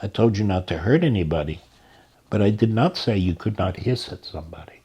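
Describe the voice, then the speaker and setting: A man voicing a calm, wise elderly spiritual master in a spoken story, with gentle, patient questions. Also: fairly low pitch, brisk, husky. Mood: gentle, wry.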